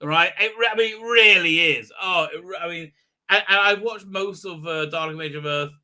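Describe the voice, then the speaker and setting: A man hosting a livestream, rambling excitedly through a casual movie recap with lots of fillers. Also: high voice. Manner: rambling and excitable, with many fillers and quick tangents. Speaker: livestream host.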